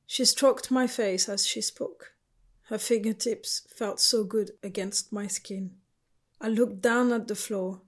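A woman narrating a novel in the first person, quiet, measured and sorrowful. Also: medium pitch, steady tone. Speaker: audiobook narrator.

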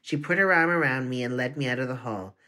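An earnest audiobook narrator reading a first-person story in a confessional tone. The pitch sits in the middle range. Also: fast, bright, forceful tone.

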